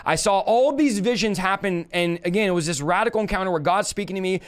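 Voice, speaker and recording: A man's voice: high-pitched, fast talker, smooth. A man in his thirties telling his testimony on a live stream as a preacher, fervent and emphatic, repeating phrases and speaking straight to his viewers.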